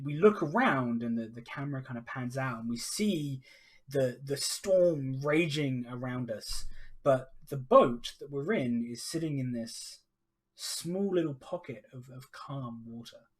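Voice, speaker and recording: Slow-talking man narrating a solo game. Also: mid-range voice, slightly rough. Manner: casual and hesitant, many ums, talks to chat. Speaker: game master and streamer. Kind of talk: solo tabletop game narration on a live stream.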